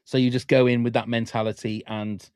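A man's voice: mid-range voice, little pitch movement, brisk, a little mellow, clear, resonant tone, no echo, studio quality. A man hosting a casual podcast chat, enthusiastic and rambling, full of fillers and restarts. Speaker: podcast host.

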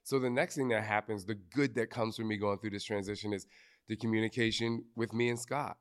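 Lowish and steady in tone, this man talks fairly quickly as he hosts a live podcast recording. Speaking candidly and with emotion to his audience, he swears casually and becomes tearful for a moment.

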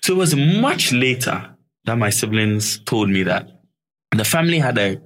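A young man from Ghana, a guest in an interview, telling animated stories and acting out voices, laughing often. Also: mid-range voice, moderate pace. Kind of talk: storytelling interview.

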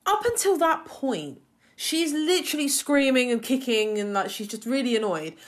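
A woman co-hosting a podcast, chatting in an animated way and often repeating words. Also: high voice, normal speed. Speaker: podcast co-host. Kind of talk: casual chat.

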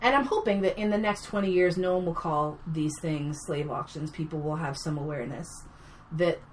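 A woman with a fairly low voice telling a story in a casual chat. She is blunt and animated, swears freely and gets loud when excited. A faint hiss runs underneath. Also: moderate pace. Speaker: podcast guest, actor.

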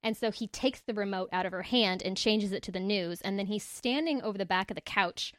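A podcast co-host presenting a book retells a story in casual chat, animated and acting out the quotes. Her medium-pitched voice moves a little fast, with clean studio sound and no echo.

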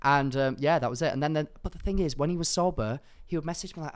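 A man's voice: on the high side, quick pace, few pauses, clean tone. A young man from England co-hosting a podcast, telling a story animatedly and acting out what people said. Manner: animated anecdote-telling, acting out quoted lines. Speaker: podcast co-host. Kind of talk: casual storytelling chat.

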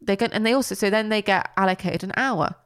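A woman's voice: mid-range voice, fast, clean tone. Chatty woman podcast co-host. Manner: chatty, amused, does silly voices of characters. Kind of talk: casual chat.

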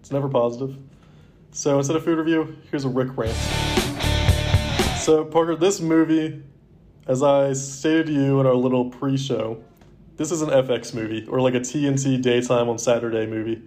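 A man's voice: medium pitch, steady tone, normal speed, dark tone, soft background music. A young man co-hosting a movie podcast in casual chat, rambling and filling his sentences with "like". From Baltimore area, US. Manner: rambling, heavy use of "like". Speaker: podcast co-host.

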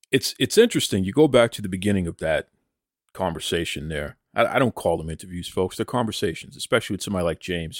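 A man's voice: low-pitched, no echo, clean studio sound. A man from Boston with a New England accent, hosting a wrestling podcast in an enthusiastic, chatty way. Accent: New England, rhotic. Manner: enthusiastic, chatty, addresses listeners as folks. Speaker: podcast host. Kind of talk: casual podcast monologue with ad read.

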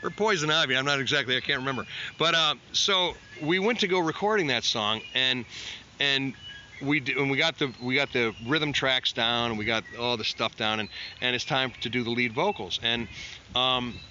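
A man's voice: mid-range voice, moderate pace, pushed and bright. A man, a musician, telling a casual, rambling studio anecdote and acting out the people in it. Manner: rambling, self-mocking storyteller who acts out quotes. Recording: dull lo-fi sound with faint noise.

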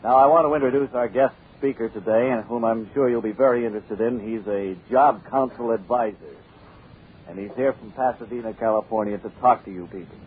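A man's voice: mid-range voice, brisk, close to an everyday voice. A man playing a stern, curt middle-aged school principal. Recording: tinny old radio broadcast.

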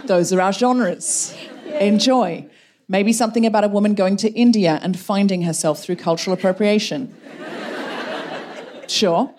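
Host woman, quick and witty, emphatic live podcast delivery. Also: mid-range voice, a little mellow. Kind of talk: live comedy podcast hosting. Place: live venue before an audience.

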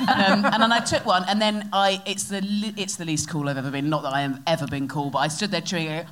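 A woman host talks on a live show with an audience, excitable and giggly as she tells a story. She swears freely and speeds up when she gets carried away. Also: on the low side, quick pace, few pauses. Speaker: podcast host. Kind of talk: live podcast chat with audience.

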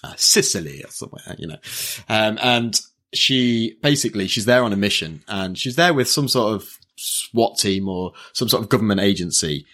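A man's voice: lowish voice, lively intonation, normal speed, a bit bright. A man co-hosting a casual podcast, retelling a story in a rambling, hesitant way with many fillers and restarts. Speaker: podcast co-host. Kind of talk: casual chat recapping an anime.

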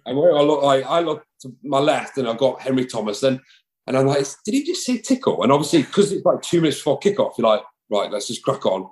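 A man's voice: medium pitch, fast, darkish tone, slight background noise, rough recording. A man, a rugby player chatting casually in an interview, rambling with lots of fillers and restarts. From England.

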